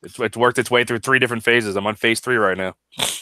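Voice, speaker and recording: A man's voice: medium pitch, steady tone, quick pace, sharp tone, no room sound. Congested man hosting a chatty podcast. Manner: loose and chatty, fillers and restarts. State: congested and phlegmy. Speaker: podcast host. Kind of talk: casual chat.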